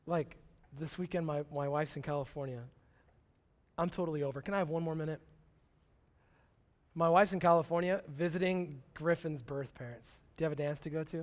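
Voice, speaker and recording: Man, 30s, pastor, sermon, conversational, bursts of excitement. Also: fairly high pitch, brisk, long pauses.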